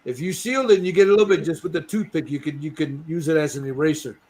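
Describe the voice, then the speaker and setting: Chatty man painting a model, slightly high voice. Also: fast. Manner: relaxed, rambling, swears and laughs freely. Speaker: host painting a model bust. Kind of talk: casual chat while painting.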